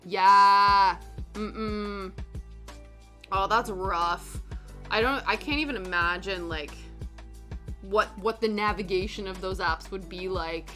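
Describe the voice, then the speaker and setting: Woman streamer, casual rambly chat, middle pitch, soft music under her. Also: takes it slowly, pauses often. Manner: chatty, rambling, lots of "like" and acted-out quotes. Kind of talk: casual chat while cross stitching, reading chat. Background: soft background music.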